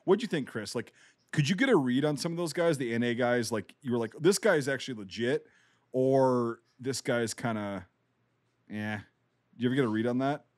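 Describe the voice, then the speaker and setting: A man's voice: mid-range voice, normal speed, dry recording, studio quality. A man hosting a podcast, chatting loosely and profanely and asking follow-up questions. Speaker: podcast host. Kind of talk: casual chat.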